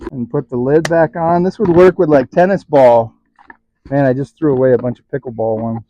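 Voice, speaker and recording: A man's voice: mid-range voice, mellow, highs cut off. A man hosting a casual hands-on DIY vlog in his workshop, chatty and self-mocking, often chuckling as he demonstrates. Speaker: DIY channel host.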